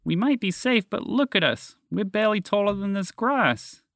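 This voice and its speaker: Narrator puts on a high, panicked passenger calling out; dry close sound. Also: male voice, animated, normal speed, dry recording. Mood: anxious. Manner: shouting, anxious. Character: alarmed male train passenger.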